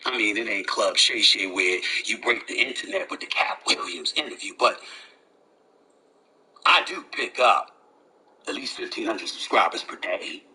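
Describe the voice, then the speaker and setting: A man's voice: on the low side, animated, normal speed, bright, forceful tone, breathy edge, poor audio. A man hosting his own channel, casually addressing the audience in a teasing, boastful way. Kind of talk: casual direct address to camera.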